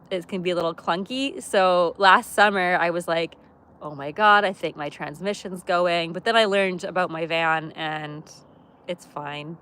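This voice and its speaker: A woman hosting a casual livestream from her camper van, chatty and quick to laugh as she talks with viewers. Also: on the low side, fairly bright tone, clean tone. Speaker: livestream host. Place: camper van by a wood stove.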